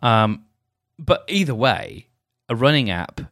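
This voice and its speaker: A man's voice: mid-range voice, sing-song, takes it slowly, a bit bright, no room sound, studio quality, soft background music. A man hosting a solo podcast, chatting in a meandering, self-deprecating way. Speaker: podcast host. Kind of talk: rambling solo podcast chat.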